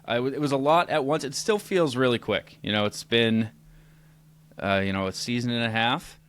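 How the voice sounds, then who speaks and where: A man's voice: mid-range voice, normal speed, fairly bright tone, clean tone. A man guesting on a podcast, telling his story in a loose, chatty way with lots of fillers. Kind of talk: casual interview chat.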